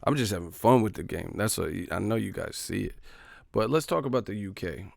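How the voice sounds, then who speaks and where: A man's voice: fairly low pitch, expressive, a little fast, creaky, no echo, clean studio sound. A man hosting a live boxing talk stream in a casual, profane, riffing style, telling stories animatedly.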